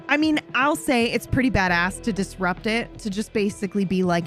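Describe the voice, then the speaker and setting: A woman's voice: mid-range voice, normal speed, few pauses, a bit bright, soft background music. A woman streamer playing a game live, chatting expressively, swearing freely and reading the game text aloud.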